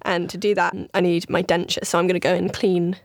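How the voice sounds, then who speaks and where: A woman's voice: fairly low pitch, fairly quick, dry recording, clean studio sound. A woman comedian acting out a silly story with lots of laughter and put-on voices. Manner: animated, laughing, acts out voices. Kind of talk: comic storytelling.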